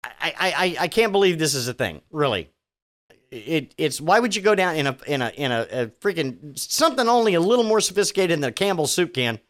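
A man's voice: fairly high pitch, sing-song, fast, few pauses. A man hosting a solo podcast, reading news items and mocking them with sarcastic, profane asides and stammering restarts. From Virginia. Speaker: podcast host.

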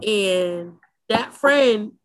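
A woman's voice: mid-range voice, animated, very slow, no echo. A woman with a mid-range voice, recorded dry and close. She banters casually, frank and joking. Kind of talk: casual chat.

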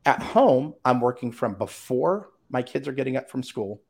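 A middle-aged man telling a personal story as a podcast guest, animated, acting out other people's lines and swearing casually. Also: mid-range voice, normal speed, vocal fry, slightly rough. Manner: animated, acts out quoted voices, swears casually.

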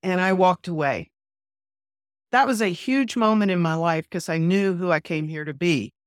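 Woman, minister, podcast guest, heartfelt storytelling, acts out dialogue, lowish voice, dry close sound. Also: normal speed, dry recording. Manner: animated, vivid retelling that acts out quoted dialogue. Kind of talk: personal storytelling in an interview.

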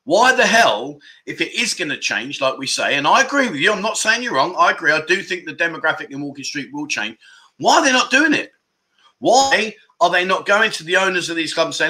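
A man hosting a casual livestream, chatting, joking and reading out viewer comments in a rambling, animated way. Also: high voice, normal speed, poor audio. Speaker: livestream host.

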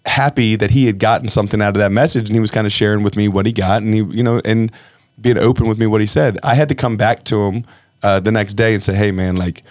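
A fast-talking man with a fairly low voice hosts a casual podcast, recorded dry in studio quality. Animated and frank, he looks inward as he speaks and keeps re-enacting what others said in a louder voice.

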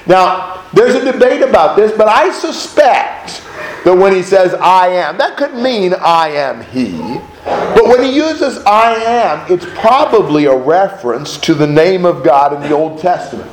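A man's voice: high voice, unhurried. Emphatic man teaching a Bible study. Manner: emphatic, animated, with rhetorical questions. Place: room with a group of listeners. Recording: roomy echo, faint background noise.

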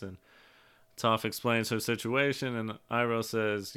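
A man's voice: lowish voice, steady tone, a little slow, fairly bright tone, smooth. A man co-hosting a podcast, casually recapping episodes, swearing and quoting lines. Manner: retells scenes with quoted lines. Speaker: podcast co-host.

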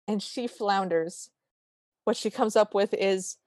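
A woman's voice: medium pitch, a little mellow, no room sound, studio quality. Sarcastic woman recapping a movie. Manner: sarcastic, acts out dialogue in quick bits. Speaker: podcast co-host. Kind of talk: casual movie recap chat.

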